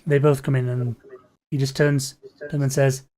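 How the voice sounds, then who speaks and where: A man's voice: medium pitch, flat delivery, mellow. A man narrating as game master of a tabletop game, hesitant, with frequent fillers and restarts. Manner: halting, filler-heavy, restarts sentences.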